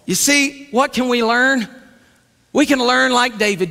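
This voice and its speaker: A man preaching a sermon in an animated, conversational storytelling way. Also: very high-pitched, measured pace, vocal fry. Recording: long hall reverb.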